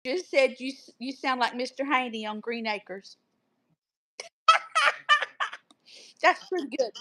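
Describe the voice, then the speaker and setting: A woman with a Southern American accent chatting casually on a livestream over a video call, drawn-out and easily amused. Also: high-pitched, fairly bright tone. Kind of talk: casual chat.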